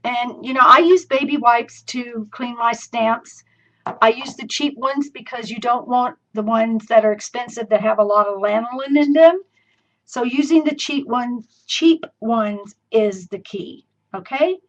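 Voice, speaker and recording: An unhurried Southern woman with a slightly high voice talks folksily through her live crafting demo, chatty and easily laughing. The live-streamed craft tutorial has dull lo-fi stream audio.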